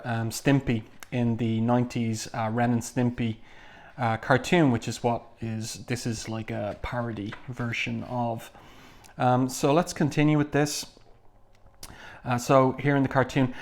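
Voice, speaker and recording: A middle-aged man giving a casual spoken review of a comic book, halting often with ums and uhs. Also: medium pitch.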